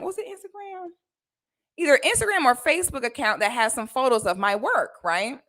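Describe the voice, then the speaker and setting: A woman vlogger telling a personal story to camera in casual, slangy speech. She acts out the people in her story with animated quotes. Her voice sits fairly high and sounds bright and forceful. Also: moderate pace.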